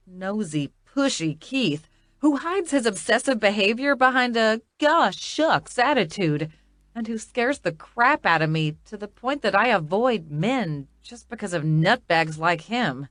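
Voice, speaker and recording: A woman's voice: medium pitch, expressive, unhurried, fairly bright tone, dry recording, studio quality. A woman narrating a romance audiobook in the first person, with a wry, conversational inner-monologue manner.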